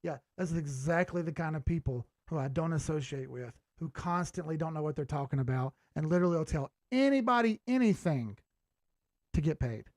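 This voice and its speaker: Gravelly male streamer, blunt and profane, reading chat live, dry close sound. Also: on the high side, expressive, fairly quick, a little mellow, no echo. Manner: blunt, swears freely, laughs often. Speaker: crypto chart analyst hosting a live stream.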